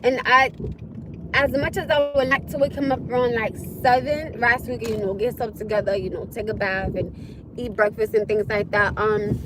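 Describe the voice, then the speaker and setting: A young woman speaks to her livestream viewers from her car in a fairly high voice at a moderate pace. She's animated and chatty, swearing and shrieking in alarm at the road ahead, with background noise audible.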